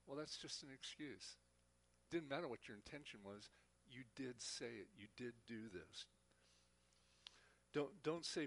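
A man's voice: mid-range voice, unhurried, vocal fry, pauses often, a bit bright. A man teaching a Bible class, speaking earnestly and often repeating words as he talks. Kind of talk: church teaching talk.

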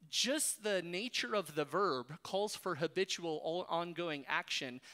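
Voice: medium pitch, a bit bright. A preacher giving an expository sermon in an emphatic, exhorting way, with rhetorical questions.

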